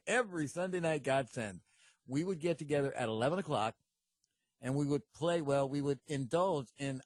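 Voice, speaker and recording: Man, podcast co-host. Animated storyteller who laughs a lot, slightly high voice, dry close sound. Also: no echo. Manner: animated, laughs often, breaks into impressions. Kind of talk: casual storytelling chat.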